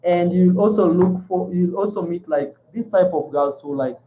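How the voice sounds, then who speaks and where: This rough recording, with a bit of background noise, features a travel vlogger from Kenya speaking in a Kenyan accent. His voice sits high and sounds mellow at a moderate pace. Chatty and casual with his viewers, he repeats words and keeps addressing them as "man."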